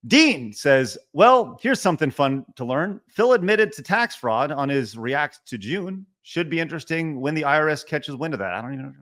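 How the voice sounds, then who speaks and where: A streamer on a casual livestream reads out viewer donations and chat messages, protesting in mock refusal while thanking each donor. His voice is fairly high and fairly bright, very animated, at a moderate pace with few pauses.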